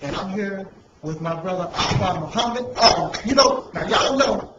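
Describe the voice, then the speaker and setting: Choked-up high-voiced man interviewing. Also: expressive, normal speed, muffled recording. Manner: emotional, repeatedly saying he is choked up. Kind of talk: casual video interview. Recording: echoey with loud background noise.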